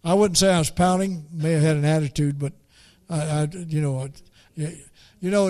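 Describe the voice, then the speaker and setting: A man preaching a folksy story, halting and repeating words as he goes. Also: fairly high pitch, warm tone. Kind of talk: storytelling sermon.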